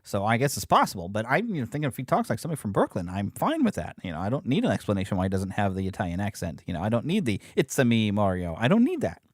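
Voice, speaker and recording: Sex: male. Role: podcast host. Style: animated, rambling chat. Pace: fast. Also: on the low side, no echo, studio quality. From United States. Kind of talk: casual chat.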